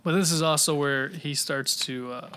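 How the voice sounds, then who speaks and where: A man co-hosting a film podcast, chiming in with quick agreement and short asides in casual chat. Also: a little high, pushed and bright, slight background noise. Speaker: podcast co-host. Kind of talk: casual chat about films.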